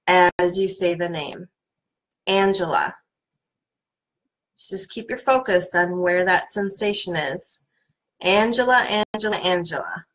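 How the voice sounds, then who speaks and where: Middle-aged woman coach, mid-range voice, gently guides listeners through tapping. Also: mid-range voice, poor audio. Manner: calm, soothing guidance with playful repeated names.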